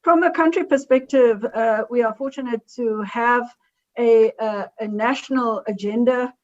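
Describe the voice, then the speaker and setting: A woman's voice: a little high, darkish tone. Woman on a muffled call. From South Africa. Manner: halting, self-correcting delivery. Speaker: invited conference speaker. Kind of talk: remote conference presentation.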